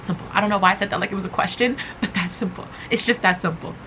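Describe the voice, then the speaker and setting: A woman's voice: medium pitch, quick pace, noisy background. A woman hosting a motivational podcast, talking casually and emphatically, repeating phrases to drive her point home. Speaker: podcast host.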